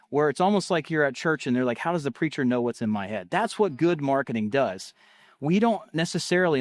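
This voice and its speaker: A man giving a casual, energetic talk about marketing in a salesy, conversational way. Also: on the high side, no echo, studio quality. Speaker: marketing speaker.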